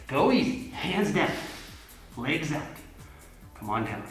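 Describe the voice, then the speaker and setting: A man's voice: fairly high pitch, very animated, takes it slowly, long pauses, a bit bright. Upbeat male kids' instructor, playful, recorded far off in a roomy space. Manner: playful, upbeat coaching with goofy asides. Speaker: kids' taekwondo instructor in costume. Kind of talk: children's fitness class instruction. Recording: echoey room from a distance with music.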